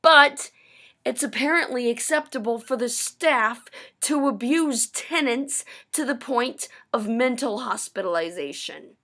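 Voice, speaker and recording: A woman's voice: on the high side, expressive, unhurried, sharp tone. Bitter, profane woman ranting. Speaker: vlogger. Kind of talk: angry personal rant.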